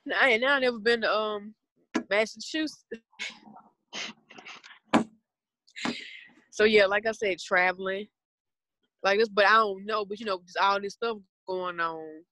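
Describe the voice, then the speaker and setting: This Southern US woman in her twenties talks slowly and earnestly about spirituality on a podcast, rambling with long pauses. Her medium-pitched voice is bright and forceful, and the recording has no echo.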